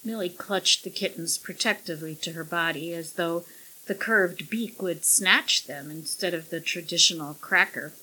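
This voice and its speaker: A woman narrating a story at a measured, even pace. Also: lowish voice, breathy edge, rough recording. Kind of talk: audiobook narration.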